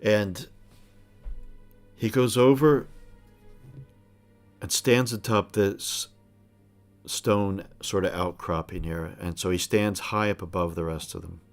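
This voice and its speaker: Male game master, unhurried and descriptive, deep voice. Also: fairly even intonation, soft background music. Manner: unhurried, descriptive, with some hesitations. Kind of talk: narrating a tabletop game.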